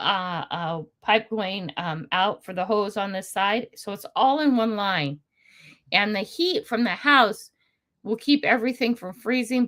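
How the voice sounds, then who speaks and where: An older American woman with a highish, somewhat bright voice hosts a casual livestream from home. Indoors, she rambles through a live chat with viewers, laughing often and answering their comments.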